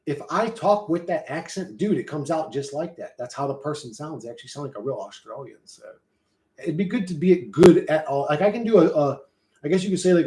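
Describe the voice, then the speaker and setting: A man's voice: a little high, darkish tone. A man streaming live, chatting loosely with his viewers in a rambling, profane, slangy way. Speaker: streamer reading and answering chat. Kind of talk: casual livestream chat. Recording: roomy echo.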